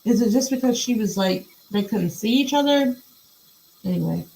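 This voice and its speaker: A woman's voice: mid-range voice, animated, moderate pace, a little mellow, poor audio. A woman hosting a podcast from a room at her home computer, reading emails aloud and commenting on them in a blunt, profane, casual way.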